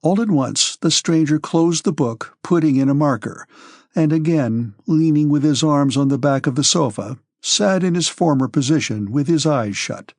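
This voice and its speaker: A man narrating a classic novel as an audiobook, in a measured, even storytelling manner, close to the mic. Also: a little high, no room sound.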